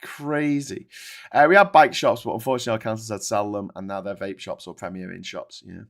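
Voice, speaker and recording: A British man hosting a live show, reading viewer comments and ranting in an animated, sweary way with frequent stumbling restarts. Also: fairly low pitch, fairly quick, creaky. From Britain.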